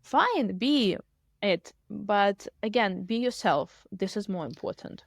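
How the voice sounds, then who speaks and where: Female co-host, teacher, chatty and animated, dry close mic. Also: medium pitch, takes it slowly, vocal fry, no room sound. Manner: animated, talkative, lots of "like" fillers. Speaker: podcast co-host and English teacher. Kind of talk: casual podcast chat.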